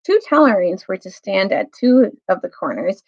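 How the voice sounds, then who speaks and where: A woman's voice: medium pitch, lively intonation, normal speed. A woman, a teacher, reading a storybook aloud and stopping to explain words to young listeners. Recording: dull lo-fi recording.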